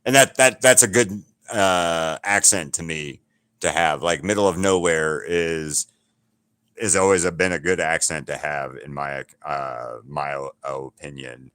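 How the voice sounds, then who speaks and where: A man's voice: very deep voice, a little slow, a bit bright, clear, resonant tone, no room sound. A middle-aged man from Alabama, chatting casually with his livestream viewers as a painter, rambling and swearing freely. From Alabama, USA. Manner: rambling, swears freely, talks straight to chat.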